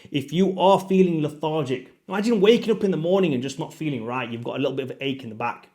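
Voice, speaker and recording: A man in his thirties speaks as a fitness coach, straight to his audience. His voice sits a little high, and he hammers his points with emphatic, pushy repetition. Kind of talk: direct-to-camera motivational talk.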